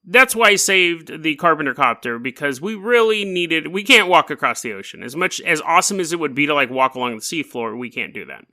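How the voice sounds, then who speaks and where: A man's voice: fairly high pitch, animated, a little fast, hardly any pauses, pushed and bright. A man hosting a paranormal storytelling podcast, telling the tale in a rambling, joking way. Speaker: podcast host.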